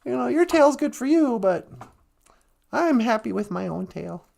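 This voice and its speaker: Man playing a chill crow in a folk tale, slow and loud, happy with what he's got. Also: very high voice, big pitch swings, creaky, heavily acted. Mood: easygoing. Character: calm, content male crow.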